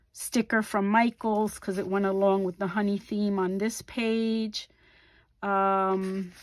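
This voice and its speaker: A middle-aged woman hosting a craft video, calmly describing her journal page by page with frequent ums and small self-corrections. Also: medium pitch. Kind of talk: casual craft flip-through narration.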